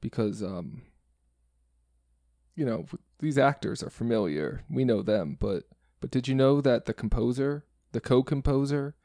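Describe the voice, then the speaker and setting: A man's voice: mid-range voice, animated, measured pace, mellow, no echo, studio quality. A man hosting a casual film podcast, rambling a little and correcting himself as he goes. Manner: rambling, self-correcting, chuckling. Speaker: podcast host.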